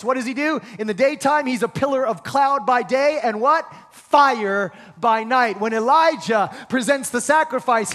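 A male pastor preaching a sermon with energetic rhetorical questions and call-and-response with the congregation. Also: very high-pitched. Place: church hall. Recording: reverberant hall.

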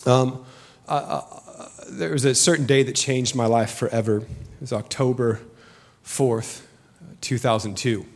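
Pastor, male, 30s, relaxed storytelling sermon delivery, mid pitch. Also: measured pace. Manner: casual, storytelling, joking asides.

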